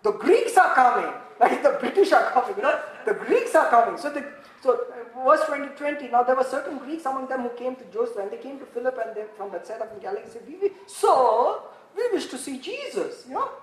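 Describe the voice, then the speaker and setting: A woman preaches from scripture a little fast, animated, repeating phrases and posing rhetorical questions, rising to emphatic peaks then dropping very low and quiet. The room is echoey with faint background noise.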